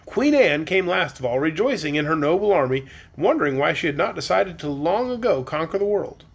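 A man's voice: on the high side, very animated, fairly quick, gravelly, husky. A man reading a children's chapter book aloud on a live stream, with casual, chatty asides between chapters.

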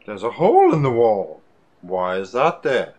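Crude joking male gamer, lively voice. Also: medium pitch, a little slow. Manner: crude, jokey, swears often, loud outbursts. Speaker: let's play gamer. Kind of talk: casual gameplay commentary.

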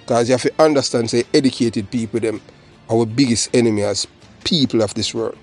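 A man's voice: mid-range voice, steady tone, a little fast, breathy edge, faint music behind. Jamaican man rambling in emphatic commentary. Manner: rambling, emphatic, mixes patois and English. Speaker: channel host. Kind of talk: solo commentary monologue.

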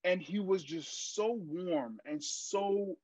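Young man telling animated stories, slightly high. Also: takes it slowly, no echo. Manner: animated storyteller, acts out quotes, many fillers. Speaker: actor, podcast guest. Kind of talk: casual interview storytelling. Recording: dry, muffled lo-fi sound.

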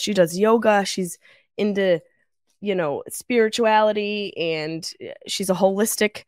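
Stuffed up with a cold, a thirtysomething podcast host chats solo from her mother's house, swearing, joking, and laughing as she tells lively stories. Her voice is mid-range. The recording, made on a travel mic without a pop filter, is dry and of studio quality.

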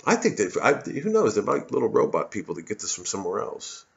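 A man's voice: fairly low pitch, wildly swooping pitch, quick pace, vocal fry, lo-fi sound. A male comedian in a profane, rambling, sarcastic monologue to camera, with many restarts.

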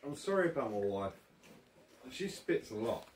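A man's voice: medium pitch, sing-song, moderate pace. A man hosting a casual hot sauce tasting, joking and swearing, hiccuping. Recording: echoey room, far from mic, noisy.

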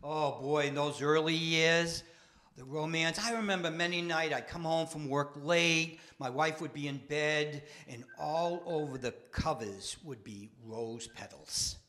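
Older man, stand-up comedian, deadpan, slow delivery, bright tone. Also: a little high. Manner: wry deadpan storytelling with self-mocking punchlines. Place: studio stage with live audience.

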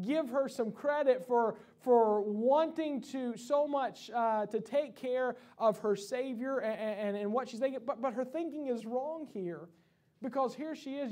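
Young pastor with a high voice, passionate sermon delivery, restarts often. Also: male voice. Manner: impassioned preaching with many restarts. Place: church sanctuary.

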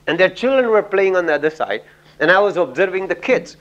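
A middle-aged man from India lectures on communication, telling a story in a loose, chatty way. His voice sits a little high for a man. He peppers his talk with "you know" and laughs at his own stories. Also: animated, brisk, fairly bright tone, dull audio. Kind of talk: lecture with anecdotes.

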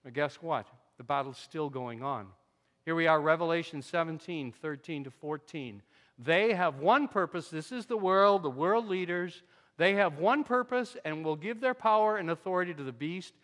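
A man with a high voice delivers a lively, conversational sermon, punching some phrases loudly and dropping others to near-murmurs. The sound carries a long reverb, as if from a church sanctuary. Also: moderate pace. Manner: animated, conversational preaching with sudden drops to quiet asides. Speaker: pastor.

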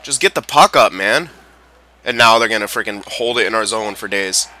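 A young man giving excitable, swearing live commentary while playing a video game. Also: on the low side, normal speed. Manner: excitable, swears and yells at players. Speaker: gameplay commentator.

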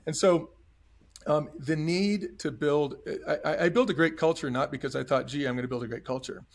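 Speaking at a moderate pace in a slightly high voice with vocal fry, a middle-aged ex-restaurant chain executive shares his story as a podcast guest. His telling is earnest and forceful, and he often voices what others said.

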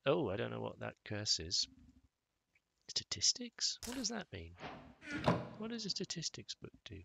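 A man giving relaxed commentary while playing a survival game, wondering aloud and breaking into excited outbursts. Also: medium pitch, a little slow, creaky, background noise. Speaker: gaming YouTuber. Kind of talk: Minecraft let's play commentary.

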